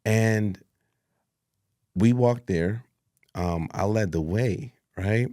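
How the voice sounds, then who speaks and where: A man telling an animated story in a sit-down interview, acting out what people said and laughing along. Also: lowish voice, very slow, long pauses, no room sound, clean studio sound. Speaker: executive producer.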